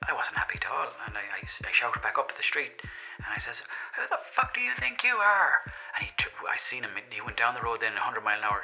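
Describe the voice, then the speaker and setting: A man's voice: medium pitch, bright, forceful tone, poor audio. A man with an Irish accent playing a long-winded caller who reports a crime, swearing and piling up details.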